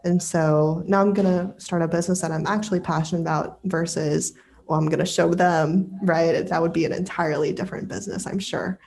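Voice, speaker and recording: Woman, podcast guest, casual chat, low pitch, mellow tone, dramatic storyteller. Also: brisk, vocal fry. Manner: expressive, dramatic storytelling with laughs.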